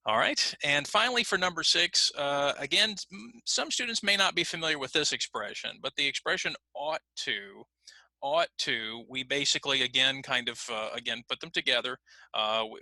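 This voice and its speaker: A male teacher leads a pronunciation lesson. His voice is very bright and sits at a middle pitch, and it sounds close and dry with no room echo. He speaks patiently, says "again" often, and slows right down when he models a phrase. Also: vocal fry. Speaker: ESL teacher.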